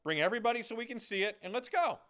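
A man's voice: extremely high pitch, lively intonation, rapid-fire, fairly bright tone. A man preaching a sermon in a playful, conversational way, often checking in with "okay?". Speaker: pastor.

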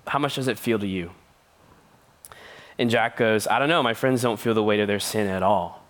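A man's voice: medium pitch, brisk, a bit bright. A man preaching as a youth pastor, telling stories with playful voices and laughter. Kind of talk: sermon.

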